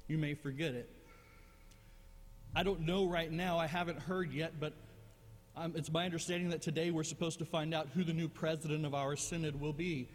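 A man's voice: fairly high pitch, fairly even intonation, moderate pace, big-room sound. A male pastor preaching a sermon in a conversational, self-deprecating way, often repeating words as he goes.

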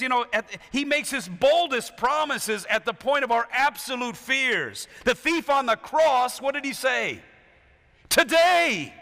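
A man preaching a sermon in a storytelling way, swinging between loud emphasis and hushed passages. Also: very high-pitched, long reverb tail.

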